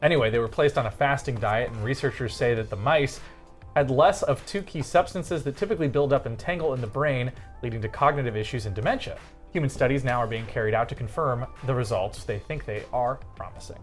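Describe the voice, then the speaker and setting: A man's voice: mid-range voice, brisk, faint music behind. A man co-hosting a TV news talk show, reading short news items and trading jokey asides with his co-hosts. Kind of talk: casual studio banter and news reading.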